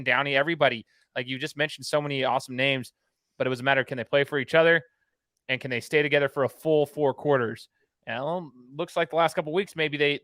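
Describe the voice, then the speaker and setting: A man's voice: medium pitch, a bit bright, no echo. A man co-hosting a podcast in casual sports chat, easygoing and building on his co-host's points. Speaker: podcast co-host.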